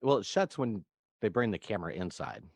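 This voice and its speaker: With a fairly low voice that swings widely in pitch, this man talks briskly while co-hosting a casual movie podcast remotely from his own room. He rambles and laughs a lot while recapping scenes, and the recording is dry with clean studio sound.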